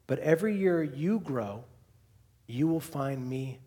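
A man voicing a gentle, wise male lion who speaks softly and slowly, within a sermon. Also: fairly high pitch, expressive, husky, exaggerated voice. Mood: tender.

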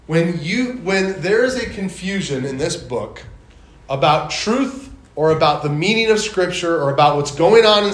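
A man preaching a sermon, reading scripture and retelling it in a loose, conversational way. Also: a little high. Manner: conversational, paraphrases scripture in casual voices. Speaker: pastor. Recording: echoey hall from far off.

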